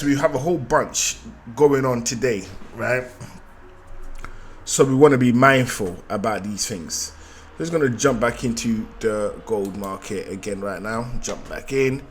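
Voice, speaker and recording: A man giving a live market analysis, thinking aloud and repeating phrases, often checking in with "right?". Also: medium pitch. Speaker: trading analyst.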